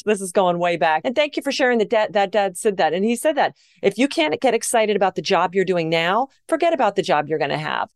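A woman interview host with a mid-range voice who responds to her guest warmly and eagerly. The recording is close and dry, with no room sound. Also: medium pitch, no room sound. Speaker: podcast host. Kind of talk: conversational interview.

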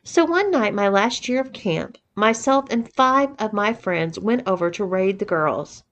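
A woman reading a first-person story aloud, keeping the dialogue tags calm and even. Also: mid-range voice, unhurried, dull audio. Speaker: reader of erotic fiction.

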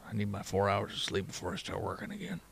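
A man's voice: sits low, level tone, fast talker, gravelly, fairly bright tone, slightly rough, voice pushed down, heavily acted. A game master playing an exhausted male dragonborn miner in a tabletop game, talking in weary, hesitant mumbles. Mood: tired. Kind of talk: game master voicing a character.

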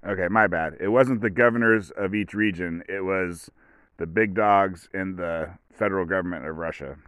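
Man, podcast host, rambling casual monologue, lowish voice, smooth clear tone, dry close sound. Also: dry recording. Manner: rambling, offhand, full of "like" and "whatever"; dry joking asides.

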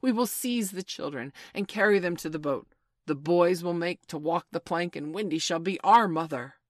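A woman's voice: lowish voice, moderate pace, dry recording, clean studio sound, close to an everyday voice. A woman reading a storybook aloud, voicing a blustering male pirate captain who bellows his orders. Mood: scheming. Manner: loud, theatrical bellowing.

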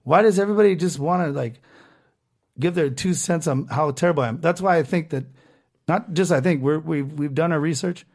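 A man's voice: fairly high pitch, fairly quick. A man hosting a podcast, ranting casually and with lots of swearing while reading comments aloud. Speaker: podcast host.

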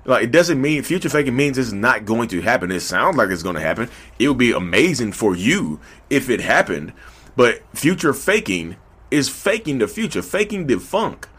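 A man with a Southern drawl giving a casual, animated monologue to his listeners, repeating himself often. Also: medium pitch, moderate pace, breathy edge. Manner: animated, repetitive, talks to listeners directly. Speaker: podcast host.

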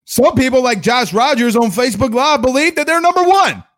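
A man from Louisiana hosts a sports livestream in a fired-up, combative rant. His voice sits high for a man, and his tone is sarcastic. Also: lively intonation, brisk, a bit bright. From Louisiana, USA. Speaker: sports show host.

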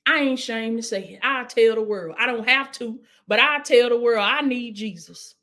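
Woman preacher with a high voice, casual sermon delivery that swings between urging and soft prayer. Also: normal speed. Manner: preaching with call-and-response, dropping to hushed prayer.

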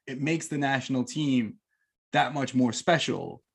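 A man's voice: medium pitch, measured pace, gravelly, husky. A man in his thirties hosting a podcast, chatty and enthusiastic as he builds long questions for his guest. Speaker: podcast host. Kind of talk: casual interview.

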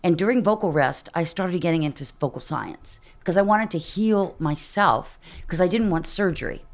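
Middle-aged woman vocal coach, slightly low voice, animated, demonstrates sounds as she explains. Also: normal speed. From Texas. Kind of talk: casual interview chat.

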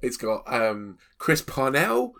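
A man's voice: medium pitch, slow pace, vocal fry. A man co-hosting a film review podcast, with a voice that swoops up and down as he gets worked up. He exclaims and laughs a lot, chatting in an easy, conversational way. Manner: animated, exclaiming, laughs often. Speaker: podcast co-host. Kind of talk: casual film review chat.

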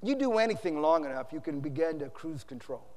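A male pastor preaching a sermon at a conference, telling stories dramatically and swinging between loud and hushed. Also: a little high, animated, a little fast. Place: large conference hall. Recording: reverberant large hall.

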